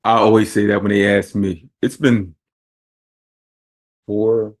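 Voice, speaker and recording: A man hosts a podcast in a casual conversation. His voice is fairly low. He talks thoughtfully and often restarts his sentences. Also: little pitch movement, slow pace. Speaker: podcast host.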